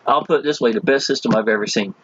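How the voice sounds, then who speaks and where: A man giving a casual, enthusiastic sales pitch as he walks through web pages, speaking folksy and chatty. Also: fast talker, breathy edge, highs cut off. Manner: folksy and enthusiastic, constantly addressing listeners as "y'all". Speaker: online marketing promoter.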